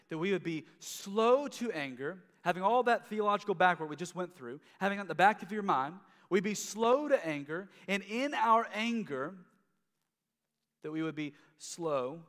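Casual pastor in an echoing hall. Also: male voice, fairly high pitch, a bit bright. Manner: conversational, repeats and restarts words. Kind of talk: sermon.

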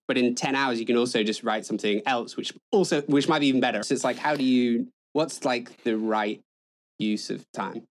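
A man's voice: mid-range voice, fairly quick, slight background noise. A man hosting a podcast interview, asking casual, rambling questions and swearing now and then. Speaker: podcast host.

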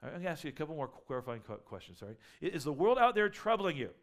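A man's voice: on the high side, big pitch swings, racing. A man preaching a sermon as a pastor, conversational and full of rhetorical questions, building up to emphatic peaks.

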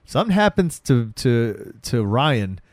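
Animated young man recapping a show. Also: mid-range voice, a little slow, dry recording, studio quality. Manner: animated, acts out characters' lines while retelling. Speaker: podcast co-host. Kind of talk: casual chat recapping a TV episode.

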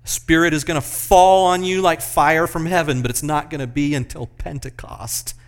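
A man preaching a sermon, moving between loud, emphatic passages and hushed, slow ones. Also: fairly high pitch, steady tone. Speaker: pastor.

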